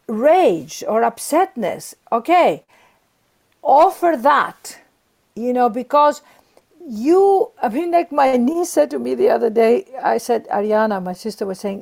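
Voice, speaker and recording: A woman's voice: a little high, gravelly, darkish tone. A woman guest on a podcast, earnestly giving spiritual advice and encouragement, often repeating herself.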